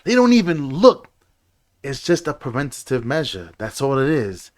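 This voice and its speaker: A man's voice: medium pitch, sing-song, normal speed. A man chatting casually and telling stories, repeating phrases for emphasis and mimicking other people's voices in quoted lines. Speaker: podcast guest. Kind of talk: casual chat, storytelling.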